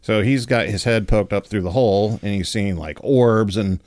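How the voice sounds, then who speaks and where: A man hosting a podcast, telling a story in a relaxed, casual way with lots of filler words. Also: fairly low pitch, moderate pace, no room sound, studio quality. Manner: relaxed, many fillers like 'like' and 'you know'. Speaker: podcast host.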